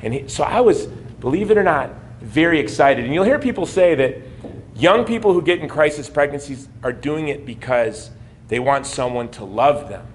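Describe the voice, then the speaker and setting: An American man in his forties gives a personal testimony speech at a gala in a banquet hall, moving from wry humor to earnest storytelling. His voice is on the high side with lively intonation at normal speed, and slight background noise is present.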